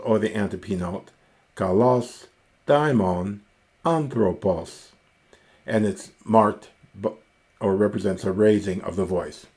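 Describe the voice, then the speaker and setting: Slow, low-voiced man teaching Greek accents. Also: darkish tone. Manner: slow, careful, sounds out Greek words one by one. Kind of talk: recorded grammar lesson.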